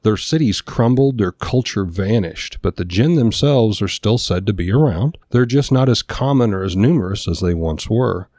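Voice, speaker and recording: A man's voice: on the low side, animated, normal speed, few pauses, darkish tone, dry recording, clean studio sound. A man co-hosting a podcast, reading from notes in a casual way and stumbling now and then over hard names. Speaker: podcast co-host.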